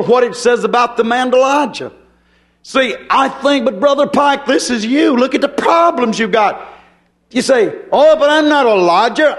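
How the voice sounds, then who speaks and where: A preacher with a notably high voice gives a sermon in simple, homespun language. He drives his points home with emphasis and keeps turning to his listeners with rhetorical questions.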